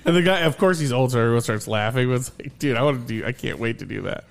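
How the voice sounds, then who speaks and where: A man's voice: medium pitch, fast talker, vocal fry, faint music behind. A man in his thirties co-hosting a casual podcast, telling jokey stories, swearing loosely and laughing often. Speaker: podcast co-host. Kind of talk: casual chat.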